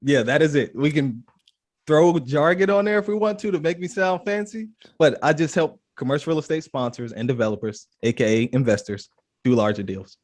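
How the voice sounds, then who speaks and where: Relaxed, plain-spoken man from the American South. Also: on the high side, fairly quick. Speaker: guest, capital advisor. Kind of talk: casual interview talk.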